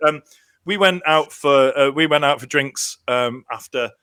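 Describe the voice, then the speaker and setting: A man chatting casually on a podcast as a lively storyteller who acts out the lines he quotes. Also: medium pitch, measured pace, clean tone, no echo, studio quality. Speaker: contestant telling a story.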